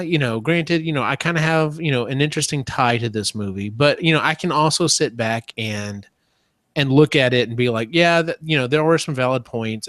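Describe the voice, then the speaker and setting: A man's voice: mid-range voice, no echo, clean studio sound. A man in his thirties hosting a casual podcast, rambling with many ums and restarts. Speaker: podcast host.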